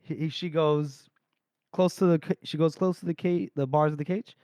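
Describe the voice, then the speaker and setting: A man's voice: on the high side, steady tone, moderate pace, warm tone, no room sound. A man co-hosting a podcast, casually retelling a book chapter with laughs, swearing and acted-out quotes. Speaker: podcast co-host.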